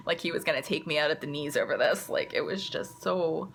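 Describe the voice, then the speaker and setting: A woman's voice: low voice, brisk, creaky, fairly bright tone, slight background noise. A mother telling a story to camera in a chatty, casual way, full of "like" and "you know.". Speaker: mother and vlogger.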